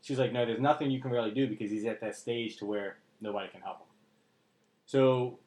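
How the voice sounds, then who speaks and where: A man's voice: medium pitch, fairly even intonation, brisk, a little mellow. A man talking candidly and emotionally on a podcast, blunt and earnest, swearing freely. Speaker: podcast co-host. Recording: roomy echo.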